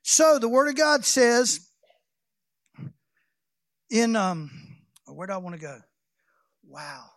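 High-voiced preacher, folksy and rambling. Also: male voice, sing-song, slow pace, long pauses, dry recording, clean studio sound. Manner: folksy, rambling with restarts, building to shouted exhortation. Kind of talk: sermon.

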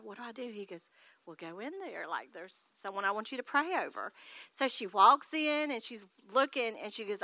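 Lady telling a church story, bright kinda high voice, dry sound. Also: dry recording. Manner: animated storytelling, acting out quotes. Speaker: congregation member sharing a testimony. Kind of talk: testimony story.

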